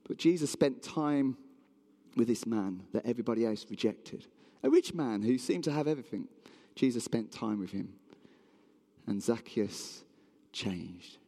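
A man's voice: mid-range voice, animated, moderate pace, a little mellow. A man preaching a sermon in a church hall, telling a story with animation and asking the audience questions.

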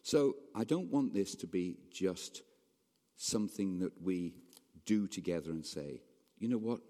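Brief: male preacher in a church, lively rising and falling delivery, long hall reverb. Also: sits low, unhurried. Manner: conversational, animated preaching with rhetorical questions. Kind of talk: sermon.

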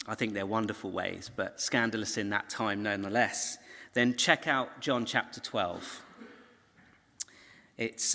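A man's voice: lowish voice, sharp tone. A man giving a recorded Bible teaching talk, telling the story conversationally with asides to his viewers. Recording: long hall reverb.

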